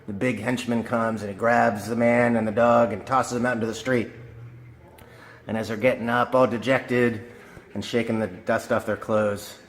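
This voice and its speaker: A middle-aged man in a relaxed, chatty video message, telling an old joke as a storyteller. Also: medium pitch, normal speed. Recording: echoey room with faint noise.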